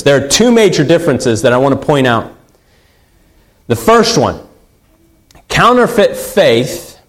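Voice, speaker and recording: A man's voice: medium pitch, low-quality recording. A man preaching a sermon in an earnest way, repeating key phrases for emphasis. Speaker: pastor.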